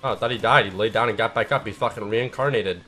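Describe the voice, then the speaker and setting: A man giving live, profane gameplay commentary, mostly laid-back and mumbling, bursting into shouts at big plays. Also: on the low side, quick pace, faint music behind. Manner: profane, swears constantly. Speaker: gaming channel host.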